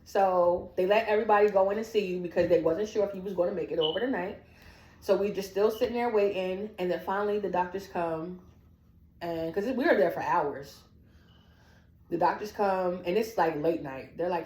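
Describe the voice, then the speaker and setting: A young woman casually telling a family story in a lively way, acting out the people she quotes and laughing often. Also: lowish voice, fairly quick. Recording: echoey room.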